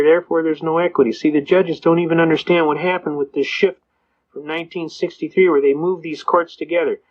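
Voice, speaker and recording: A man giving an anecdotal lecture on legal rights in a folksy, emphatic storytelling manner, on a dull lo-fi recording. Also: a little high.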